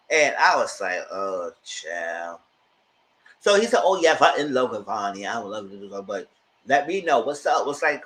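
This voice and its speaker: A man giving a casual recap, switching to high-pitched exclamations when he acts out reactions. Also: very animated, normal speed, a bit bright, rough recording. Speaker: YouTube reviewer.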